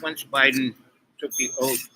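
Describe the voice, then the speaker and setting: A man's voice: mid-range voice, fairly even intonation, measured pace, noisy background. A man hosting his own show, rambling opinionated commentary while eating breakfast with his mouth full. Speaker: online show host.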